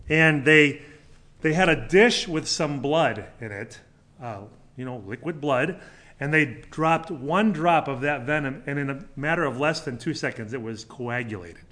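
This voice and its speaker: A man's voice: fairly high pitch, fairly bright tone. Man preaching with emphatic rhetorical questions. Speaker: pastor. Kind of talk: sermon.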